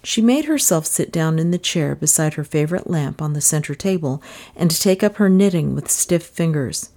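A woman narrating a mystery story with suspenseful, expressive delivery. Her pitch moves widely and sits a bit low. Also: normal speed. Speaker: audiobook narrator. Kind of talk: scripted narration.

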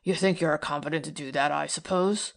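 A woman's voice: deep voice, fairly quick. A woman reading aloud and voicing a skeptical, dry-witted male detective who speaks curtly and ironically. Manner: gruff, ironic, curt.

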